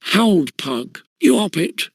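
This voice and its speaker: A man voicing a burly male ruffian who moans and yells in rough slang. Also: sits high, sing-song, slow, no echo, clean studio sound, pitched above the performer's own voice, heavily acted. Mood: yelling. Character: burly male ruffian, whining when hurt.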